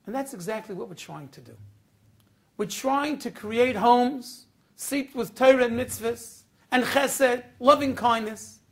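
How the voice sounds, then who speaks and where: A rabbi tells a story in a sermon, his voice very high with a gravelly rasp. He swings dramatically between hushed moments and loud, emphatic passages. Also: unhurried.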